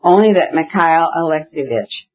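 A reader voicing Varenka, a gentle, soothing young woman with a husky voice. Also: mid-range voice, expressive, normal speed, highs cut off, lightly acted. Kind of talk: audiobook character reading.

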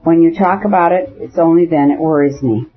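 A man's voice: fairly high pitch, fairly quick, lightly acted. A man reading an audiobook, voicing a proud, anguished young noblewoman whose lines swing between irony and pleading. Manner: ironic, then pleading and tender. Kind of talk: audiobook dialogue. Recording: dull lo-fi audiobook recording.

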